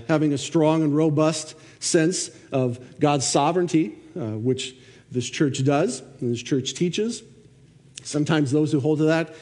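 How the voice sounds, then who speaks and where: A man's voice: on the high side, mellow. A man preaching a sermon, reading scripture aloud and then explaining it with questions. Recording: long reverb of a church hall.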